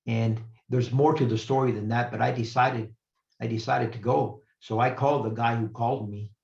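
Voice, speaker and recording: A man's voice: mid-range voice, steady tone, gravelly, a little mellow. Older man giving an earnest, reflective talk. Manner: earnest, reflective, with pauses and restarts. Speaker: retired professor, guest speaker. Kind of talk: personal storytelling lecture. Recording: roomy, slightly muffled recording.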